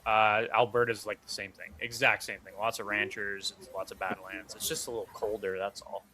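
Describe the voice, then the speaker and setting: A man's voice: fairly low pitch, level tone, normal speed, sharp tone. A man from Canada hosting a podcast, chatting casually, joking and swearing freely. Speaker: podcast host.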